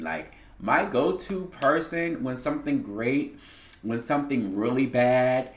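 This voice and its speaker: A man hosting a casual solo podcast, speaking in a candid, reflective way with a lot of swearing. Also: medium pitch. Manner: candid and heavily profane, reflective. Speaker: podcast host. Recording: roomy echo.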